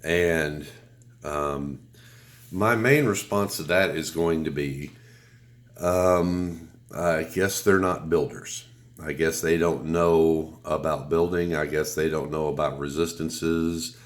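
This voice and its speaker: A man with a cold and a deep, announcer-like voice, giving a relaxed, rambling product review with blunt remarks and some swearing. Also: takes it slowly. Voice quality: deep radio announcer sound. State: has a cold.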